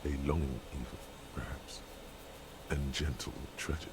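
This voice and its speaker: An actor playing a brooding, grave narrator voice in a video game, speaking in a slow, gravelly way. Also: male voice, rumbling low, steady tone. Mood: solemn. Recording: game audio with clear background noise.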